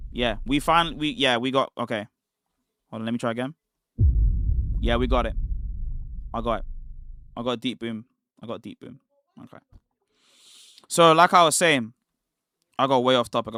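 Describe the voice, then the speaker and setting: A man's voice: medium pitch, bright, forceful tone, no echo, studio quality. A young British man telling a rambling story in casual slang on his livestream. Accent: British English. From Britain. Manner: rambling, slangy, quick restarts. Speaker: streamer.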